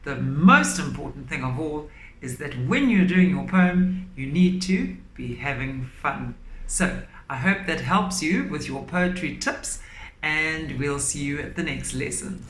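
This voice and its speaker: A woman teacher giving a lesson for children, speaking clearly and deliberately and stressing key words. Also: deep voice, expressive. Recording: echoey room, faint background noise.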